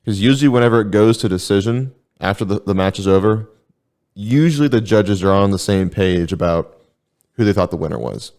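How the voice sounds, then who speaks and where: Deep-voiced man in casual podcast chat. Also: animated, fairly quick, darkish tone. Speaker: podcast co-host.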